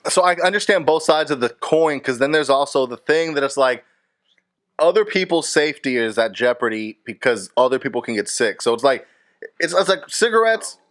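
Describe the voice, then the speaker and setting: A man's voice: mid-range voice, expressive, normal speed, fairly bright tone. A man at the center of a loose group podcast, steering the chat with questions. He talks in an easygoing way and weighs both sides of each point. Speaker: podcast host.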